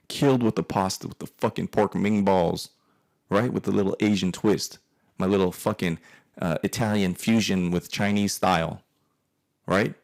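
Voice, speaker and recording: Low gravelly man telling a rambling story. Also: a little mellow. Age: 40s. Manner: profane, rambling, with frequent restarts. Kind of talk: comedic personal storytelling.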